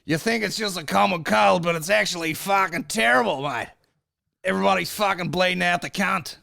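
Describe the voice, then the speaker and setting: A man putting on a brash, swearing Australian male news narrator with a loud, slangy delivery. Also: high voice, a little fast, vocal fry, voice pushed up, full character voice. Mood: sensational.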